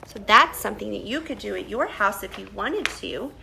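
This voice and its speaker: A woman teacher reading a picture book aloud to children, pausing to ask questions and explain. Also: mid-range voice, animated, creaky, noisy background.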